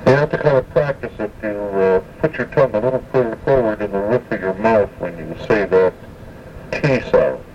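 A man teaching pronunciation, speaking haltingly with frequent pauses. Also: on the low side, darkish tone, soft background music. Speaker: language instructor. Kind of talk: explaining pronunciation. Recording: muffled, distant, faint background hum.

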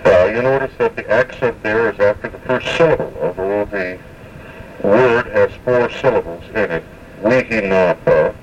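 A man giving a spoken language lesson, slowly and carefully repeating words to show their pronunciation, with many hesitations. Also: on the low side, recorded from a distance, highs cut off, a little hiss or hum. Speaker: language teacher.

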